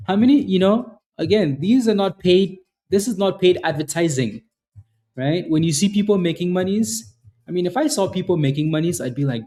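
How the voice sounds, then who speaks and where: A man with a dark, mellow voice hosts a live trading stream. He talks casually and keeps repeating himself to drive a point home. He calls out chat viewers by name. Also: fairly high pitch, moderate pace. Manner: repetitive, hyped, chatty, addresses viewers by name. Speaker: day-trading livestream host.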